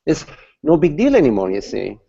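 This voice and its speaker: A man giving a satsang talk as a spiritual teacher, speaking slowly and haltingly and repeating words as he searches for them, over dull online call audio. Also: mid-range voice, lively intonation, creaky, crowd noise.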